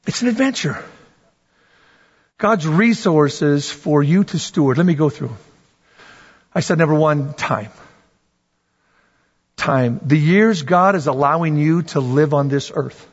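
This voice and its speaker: Male pastor, high voice, lively chatty sermon delivery, muffled recording in a reverberant hall. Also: slow, long pauses, husky. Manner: animated, conversational preaching with repetitions and asides to the congregation. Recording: dull sound with long hall reverb.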